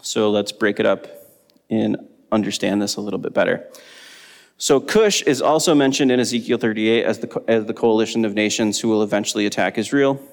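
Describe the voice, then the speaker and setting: A man teaching a Bible study lesson, explaining in a relaxed way with frequent ums. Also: on the low side, a little fast, creaky, big-room sound.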